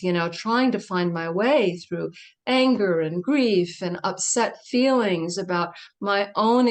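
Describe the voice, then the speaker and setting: A middle-aged woman speaks in a reflective, intimate storytelling voice at an ordinary pitch. She guides the listener through a personal story with soft pauses, like a guest in a conversation.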